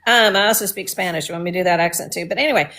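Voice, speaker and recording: A woman's voice: fairly low pitch, very fast, a crowd in the background. A woman from Texas co-hosting a casual political talk show, talking in a blunt, mocking way with frequent restarts. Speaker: co-host.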